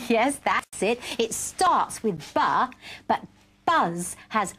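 A little high and animated with a breathy edge, this presenter draws out her words as she talks to small children on a kids' programme. She sounds like a playful, encouraging teacher, coaxing them gently in a sing-song way.

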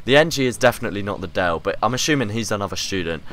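A man's voice: on the low side, lively intonation, racing, loud music behind the voice. A man giving upbeat, joking commentary while playing a game. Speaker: YouTuber. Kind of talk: casual gameplay commentary.

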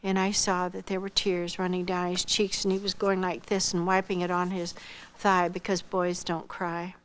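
An older woman from Iowa, a missionary earnestly telling her life testimony, acting out dialogue and dropping softly toward a whisper at tender moments. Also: lowish voice, completely flat delivery, moderate pace, clean tone. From Iowa, United States. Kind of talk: personal testimony storytelling.

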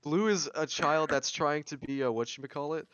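A man's voice: fairly high pitch, moderate pace, a bit bright, a little hiss or hum. A man casually chatting with friends while gaming, laughing often and teasing. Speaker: gamer. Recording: slightly muffled voice chat.

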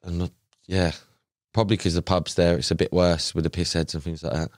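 A young man, a podcast guest, chatting casually and telling animated, slangy stories full of fillers. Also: low-pitched, a little fast, no echo, studio quality. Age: young adult. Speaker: podcast guest, carp angler. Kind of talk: casual chat.

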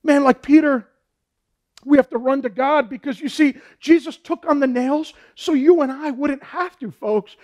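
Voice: high-pitched, moderate pace, darkish tone. A pastor preaching a sermon in a fervent, repetitive way, often saying "man" and "folks".

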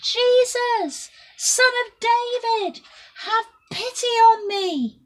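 A woman's voice: sits high, sing-song, takes it slowly, slightly rough, voice pushed up, heavily acted, low-quality recording. A woman voicing a blind male beggar who cries out at the top of his voice for help. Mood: desperate shouting. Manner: shouting desperately at full voice.

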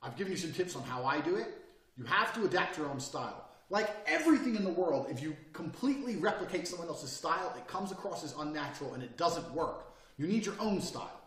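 A brash man in his thirties delivers a profane motivational lecture with fierce, lively swings in his voice. His tone sits on the higher side for a man. The sound is roomy, picked up from some distance off the mic. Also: fast. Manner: blunt, brash and forceful, swearing freely. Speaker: course instructor.

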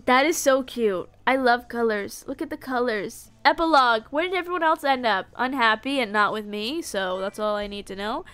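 A woman's voice: on the high side, a bit bright, smooth. A young woman streaming a game live, playful and dramatic, swinging from mock-solemn to giddy squeals.

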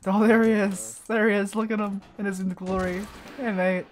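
A woman's voice: mid-range voice, level tone, normal speed. A woman giving casual, playful gameplay commentary as a streamer, who keeps breaking into giggles. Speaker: gaming streamer.

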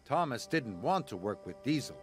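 A man narrating a children's story in an expressive storybook style. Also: mid-range voice. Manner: slow, expressive. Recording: music bed underneath. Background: music.

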